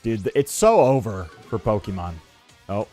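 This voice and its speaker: A man's voice: on the low side, sing-song, normal speed, warm tone, faint music behind. A man streaming a video game, giving casual, sarcastic, joking commentary as he plays. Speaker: let's play streamer.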